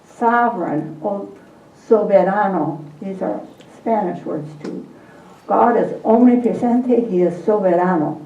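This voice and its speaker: Leading her group through a call-and-response Bible lesson, this woman coaxes responses, repeats prompts and laughs often. She speaks at medium pitch, a little slowly, with vocal fry and a dark tone, in a distant, roomy, dull-sounding recording.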